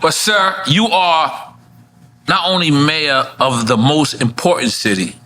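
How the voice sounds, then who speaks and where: A man from New York City with a New York accent, hosting a casual chat in a loud, profane way and laughing often. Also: a little high, slow, a little hiss or hum. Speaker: podcast host. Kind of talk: loose casual chat over drinks.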